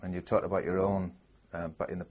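A man's voice: deep voice, little pitch movement, fast talker, a little mellow, a little hiss or hum. A man interviewing for an oral history, framing his questions hesitantly with many fillers. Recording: dull lo-fi archive tape.

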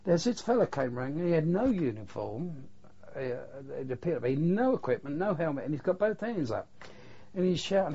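A man's voice: fairly high pitch, sing-song, normal speed, dark tone, breathy edge. An older man, recalling wartime memories in a plain-spoken, earthy way with mild swearing. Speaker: war veteran interviewee. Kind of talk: oral history recollection. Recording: dull lo-fi recording.

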